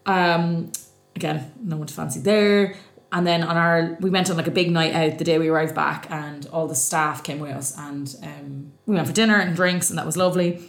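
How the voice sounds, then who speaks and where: A woman's voice: deep voice, steady tone, normal speed, vocal fry, echoey room. A young Irish woman co-hosting a podcast, chatting and acting out what people said as she tells a story. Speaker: podcast co-host. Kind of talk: casual storytelling chat.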